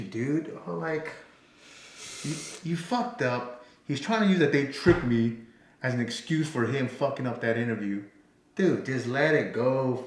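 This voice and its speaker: A man co-hosting a podcast, mocking a clip in casual, profane talk. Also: mid-range voice. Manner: mocking, laughing, swears a lot. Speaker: podcast co-host reacting to a clip. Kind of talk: casual profane reaction chat. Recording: roomy echo, faint noise.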